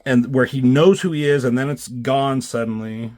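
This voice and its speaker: A man's voice: medium pitch, moderate pace, a little mellow. Rambling, foul-mouthed man. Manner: loose and profane, with many fillers and self-corrections. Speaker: comic book reviewer. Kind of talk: casual rambling review.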